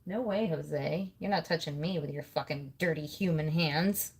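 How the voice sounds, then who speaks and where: A woman's voice: sits low, normal speed, darkish tone, husky, voice pushed down. A woman voicing her rude, huffy pet parakeets in a snippy, dismissive tone.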